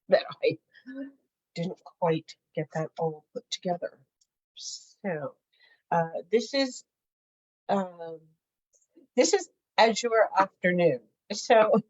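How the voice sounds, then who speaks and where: A middle-aged woman hosting a crafting video, chatting casually, giggling and thinking aloud as she works. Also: lowish voice. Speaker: crafting channel host. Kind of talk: casual crafting tutorial chat. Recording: dull lo-fi home recording.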